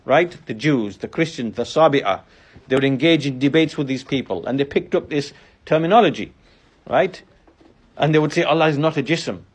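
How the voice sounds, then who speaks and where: Husky guy giving a calm lecture, says "right?" a lot, slightly high voice. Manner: measured, uses tag questions. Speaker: Islamic lecturer. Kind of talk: explanatory lecture.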